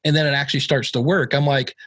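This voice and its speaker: A man talking as a guest in a podcast interview. He tells his stories in an animated way and acts out what people said. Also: mid-range voice, fast talker, no room sound. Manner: animated storyteller who acts out quoted dialogue. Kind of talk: conversational interview.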